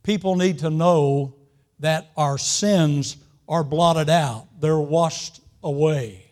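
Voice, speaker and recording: A man with a high voice preaches a sermon in an unhurried, folksy storytelling manner. He lingers on words with long pauses and often clears his throat. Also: a little mellow. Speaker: pastor.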